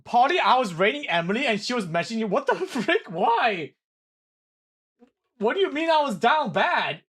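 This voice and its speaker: This young male streamer has a very high-pitched, husky voice and talks at a normal speed while casually responding to viewer messages on a live stream. Korean is his first language, and he's excitable, apologetic and sweary, laughing and restarting often.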